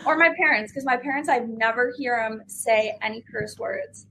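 A woman's voice: fairly high pitch, moderate pace, fairly bright tone, a little hiss or hum, low-quality recording. A young woman, a race car driver guest on a radio show, candid and giggly. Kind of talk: interview chat.

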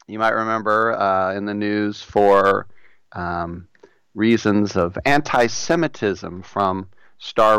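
A man's voice: fairly low pitch, a bit bright, clear, resonant tone, dry recording. A man hosting a sports talk radio show, chatting conversationally through the news. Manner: conversational, with fillers and restarts.

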